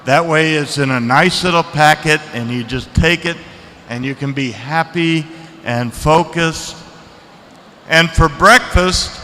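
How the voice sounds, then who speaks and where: Man, seminar lecturer, unhurried, slightly high voice, engaging with the audience, hall reverb. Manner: lively, asks the audience questions, acts out reactions. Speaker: seminar speaker.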